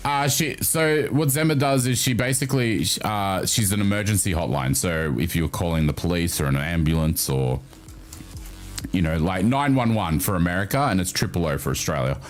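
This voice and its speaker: A man hosting a livestream, chatting casually with his viewers and swearing freely. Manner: animated, chatty, swears freely, jumps up in pitch. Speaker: livestream host. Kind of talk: casual chat with stream viewers.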